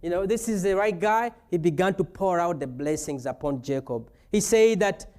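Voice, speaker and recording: A man's voice: sits high, normal speed, darkish tone. A man preaching a sermon as pastor, retelling a scripture story with playful asides.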